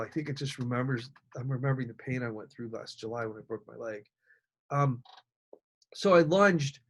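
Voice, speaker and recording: A man hosting a live online webinar as a speaking coach. He talks in an energetic, upbeat way and speaks straight to his viewers. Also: medium pitch.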